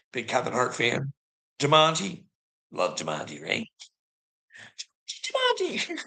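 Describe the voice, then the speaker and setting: A man's voice: fairly high pitch, vocal fry, bright, forceful tone. A Canadian man in a rambling casual monologue, swearing a lot and laughing often between sentences.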